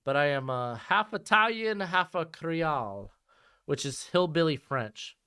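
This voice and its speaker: Male streamer, casual football watch-along, animated delivery, clean resonant tone. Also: fairly high pitch, unhurried, smooth. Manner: chatty, jumps between game calls and chat replies. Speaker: live streamer reading chat.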